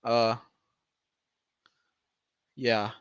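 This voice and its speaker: A man's voice: mid-range voice, little pitch movement, drawn-out words, smooth, no echo, muffled recording. A young man streaming in a casual, rambling chat, joking and swearing, often tripping over his words. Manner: rambling, profane, jokey, with frequent stumbles and laughs.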